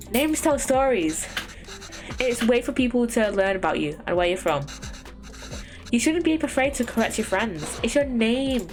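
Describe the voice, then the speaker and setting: A woman voicing an earnest immigrant mother in a video game, talking in a gently lecturing way. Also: a little high.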